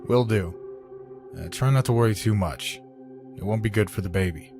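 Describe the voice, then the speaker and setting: A man's voice: lowish voice, normal speed, over music, voice pushed up, natural voice. A male narrator voicing a tired veteran police detective in a horror audiobook. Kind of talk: audiobook character voice.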